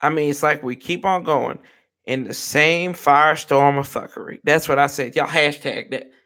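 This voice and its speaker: A fired-up man rants to his live-stream viewers. His high voice has a gravelly edge, and he swears freely and calls everyone y'all. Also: steady tone, normal speed, bright, forceful tone. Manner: fired-up, ranting, profane. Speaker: sports fan show host.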